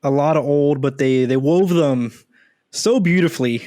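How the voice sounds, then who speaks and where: A man's voice: a little high, normal speed, warm tone, no echo. Man co-hosting a podcast, dry sound. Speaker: podcast co-host. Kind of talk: casual podcast chat.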